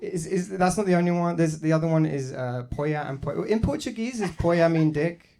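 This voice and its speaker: A man's voice: on the high side, brisk, mellow. A British man doing a stand-up comedy set in a club, self-deprecating and rambling, full of restarts and "like". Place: comedy club stage with a live audience.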